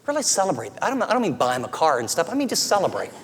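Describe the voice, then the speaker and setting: A middle-aged man preaching a sermon, earnest and conversational, often dropping to soft, tender tones. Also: fairly high pitch, wildly swooping pitch, racing. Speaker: pastor. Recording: long reverb of a large hall.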